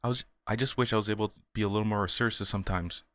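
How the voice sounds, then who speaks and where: A man reading the lines of a gentle, apologetic teenage club president from a visual novel. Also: fairly low pitch, fairly even intonation, rapid-fire, no room sound, natural voice. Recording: game music behind.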